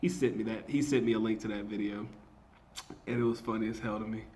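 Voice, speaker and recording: A man's voice: lowish voice, little pitch movement, fast, a little mellow, slight background noise. A man, a marketing teacher, giving a slangy, casual reaction commentary, emphatic and often laughing.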